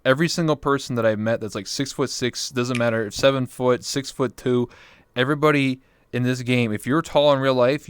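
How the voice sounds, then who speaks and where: A man's voice: mid-range voice, clean tone, no room sound, clean studio sound. A young man hosting a casual late-night stream interview, loose and jokey, swearing often. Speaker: interview show host.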